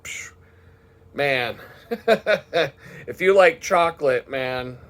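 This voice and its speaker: A man's voice: mid-range voice, very slow. A man talking casually in a rambling, profane vlog monologue, swearing freely as he tells his day. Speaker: vlogger.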